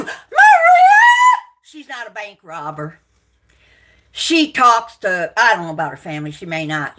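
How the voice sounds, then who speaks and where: A woman on a livestream, angrily ranting at her viewers, swearing and accusing, shouting out names, then muttering to herself between outbursts. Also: medium pitch. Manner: profane, accusing, shouting and yelling. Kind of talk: angry livestream rant at viewers.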